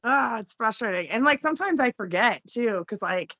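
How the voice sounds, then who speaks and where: A woman's voice: fairly high pitch, expressive, moderate pace, bright, forceful tone, no room sound. A young woman, a guest on a podcast, chatting in an upbeat way with frequent laughter. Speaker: podcast guest, fighter and law student. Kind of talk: casual interview chat. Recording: dull, dry lo-fi audio.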